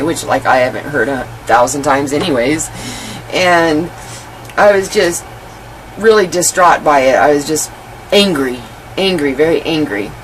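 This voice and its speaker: A woman's voice: on the low side, normal speed, slight background noise, low-quality recording. A woman guest in an interview, telling her life story candidly and animatedly, with many "you know" fillers.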